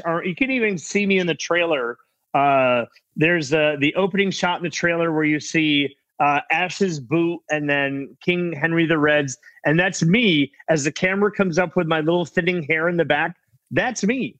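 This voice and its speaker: A middle-aged man telling casual stories as a guest actor, rambling with many restarts and quick impressions of other people. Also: a little high, fairly bright tone, no room sound. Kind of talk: casual anecdotal storytelling.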